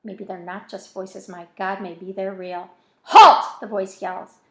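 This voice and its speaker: A woman's voice: mid-range voice, level tone, a little slow, darkish tone, reverberant. A woman reading a novel aloud in an informal way, with casual self-correcting asides between chapters. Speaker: reader of a novel.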